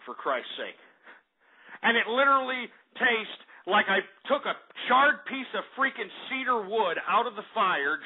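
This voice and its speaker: A man's voice: high-pitched, slightly rough. A man from Texas, hosting a talk radio show in a profane, heated rant. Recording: tinny phone-like internet radio.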